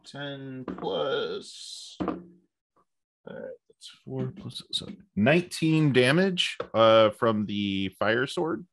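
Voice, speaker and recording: A man playing in a tabletop game, counting up his rolls deliberately. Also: mid-range voice, lively intonation, vocal fry, fairly bright tone. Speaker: player. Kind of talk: casual tabletop play.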